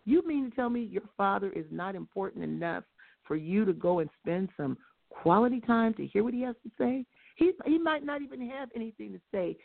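A woman's voice: medium pitch, a little fast, vocal fry. Emphatic woman preaching over a phone line. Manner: emphatic, rhetorical questions; animated, rising to near-shouted stresses. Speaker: guest speaker. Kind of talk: preachy religious talk-show teaching.

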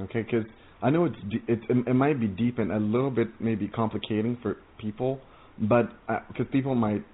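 A man giving an informal testimony sermon, earnest and excitable, rambling with many stammered restarts. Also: fairly low pitch. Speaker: preacher sharing visions. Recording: tinny phone-like audio.

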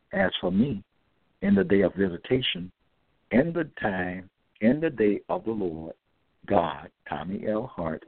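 A man's voice: sits low, dry recording. A man delivering a scripture-quoting monologue, repetitive and emphatic, reading out verse references. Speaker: self-styled religious preacher. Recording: tinny phone-like dry audio.

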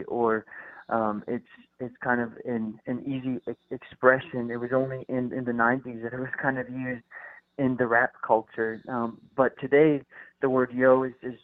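A man speaking as a radio guest over a tinny phone line, his voice dry and narrow. His tone stays flat and level, and he talks hesitantly, restarting often and filling pauses with fillers. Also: mid-range voice, dry recording. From United States. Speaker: guest, food company founder. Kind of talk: casual radio interview.

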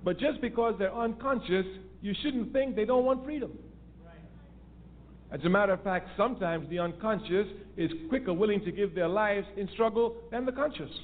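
A man's voice: high-pitched, normal speed. A man giving an emphatic political lecture, repeating key phrases for stress. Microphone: phone line. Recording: tinny phone-line audio with faint noise.

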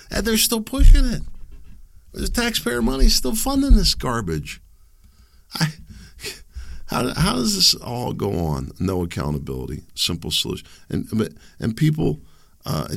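A man's voice: sits high, vocal fry, a bit bright, no room sound, studio quality. A man in his fifties hosting a political talk show, speaking in a heated, rambling, sarcastic monologue. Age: 50s. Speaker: podcast host.

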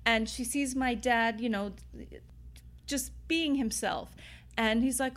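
A woman's voice: a little high, takes it slowly, fairly bright tone. Rambling New woman telling bar stories. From New York City. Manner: rambling, full of "you know" and "like", laughs while telling stories. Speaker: bar owner, interview guest. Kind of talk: casual interview chat. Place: inside an old bar.

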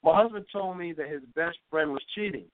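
Quick-talking male radio co-host. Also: on the high side, a little hiss or hum. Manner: agreeable, chiming in with quick asides. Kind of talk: advice talk radio. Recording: tinny phone-like radio line.

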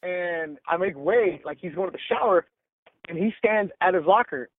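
A male sports reporter telling stories in a casual interview, animated and full of "like" and "bro", acting out quotes. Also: high voice, normal speed, phone-quality sound. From Los Angeles. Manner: animated, acts out quotes, says "like" and "bro" often.

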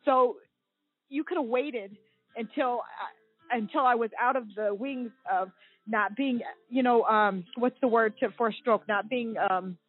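A woman in her forties, a guest telling her own story over the phone, earnest and halting, often restarting her sentences. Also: on the high side, faint music behind. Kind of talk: recounting a personal story on a call-in show. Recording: thin phone-line audio, dry.

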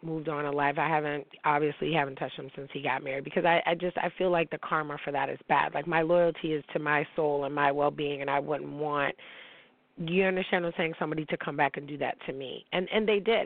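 A woman's voice: low voice, dry recording. A woman in her forties hosting a talk show, delivering a brash, profane, heated rant about celebrity gossip. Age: 40s. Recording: tinny phone-like line, dry.

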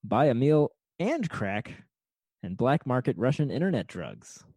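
Wry mellow-voiced male co-host. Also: medium pitch, sing-song, measured pace, no echo, clean studio sound. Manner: wry, reads listener titles aloud. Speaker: podcast co-host. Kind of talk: casual chat.

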